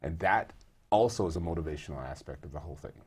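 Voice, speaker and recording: A man's voice: deep voice, animated, fast, darkish tone, breathy edge. A man answering interview questions in an earnest, conversational way, telling stories with plenty of fillers and restarts. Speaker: guest, employee group co-leader.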